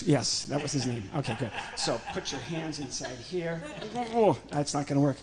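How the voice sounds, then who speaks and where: A man's voice: fairly high pitch, sing-song, normal speed, crowd noise. A ventriloquist comedian from Illinois, a man doing a chatty, joking live act on a church stage and talking to his puppet.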